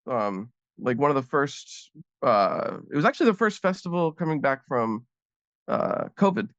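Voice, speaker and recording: A man's voice: a little high, sing-song, normal speed, a bit bright, dry recording, dull audio. A man, a guest comedian, telling a rambling story in casual chat with many fillers.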